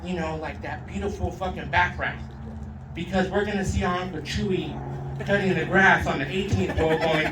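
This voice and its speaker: A male comedian doing a crude, rowdy stand-up set, slipping into Spanish and loud put-on voices. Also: high voice, steady tone, normal speed, noisy background. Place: outdoor backyard show. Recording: roomy sound from a distant mic.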